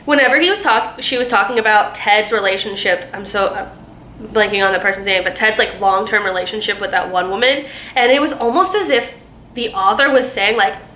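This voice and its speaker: A woman's voice: mid-range voice, fairly quick, sharp tone. A young woman reviewing books in a casual, rambling way, full of fillers and acted-out quotes. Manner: chatty, rambling, lots of fillers, acts out quotes. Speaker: booktuber. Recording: echoey room, faint noise.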